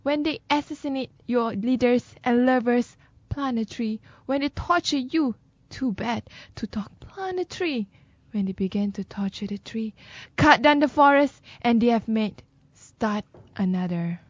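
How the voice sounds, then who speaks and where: A woman co-hosting a radio talk show, reading poems aloud slowly and deliberately. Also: on the high side, animated, dry recording, dull audio.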